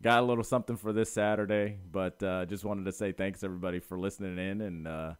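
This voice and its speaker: Male podcast co-host, loose and jokey, lowish pitch, dry close sound. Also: fairly even intonation, fast, smooth, no room sound. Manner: joking, rambling, trails off. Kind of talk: casual chat.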